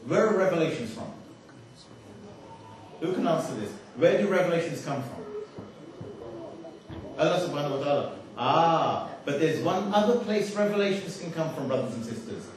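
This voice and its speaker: Man, conversational lecturer who quizzes the room, mid-pitched, heard from a distance in a very echoey hall. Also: a little mellow, a little hiss or hum. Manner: conversational, asks the audience questions, wry humour. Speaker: speaker giving a religious talk. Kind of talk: lecture to an audience. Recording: echoey hall, voice from far off the mic.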